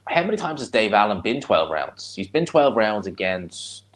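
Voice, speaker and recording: A man with a Dublin Irish accent talks in a slightly low voice as he reacts live to a boxing fight. He chats bluntly with his viewers in between, rambling from one point to the next in a relaxed, conversational way. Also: moderate pace. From Ireland. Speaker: streamer hosting a live watch-along. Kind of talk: casual live fight commentary and chat.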